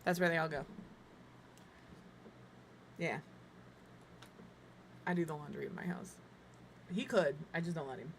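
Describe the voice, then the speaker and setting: A woman's voice: low voice, steady tone, unhurried, creaky, long pauses, slight background noise. A middle-aged woman chatting casually on a live stream as she builds in a life-sim game, talking to her cat and to viewers with self-deprecating humor. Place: home room.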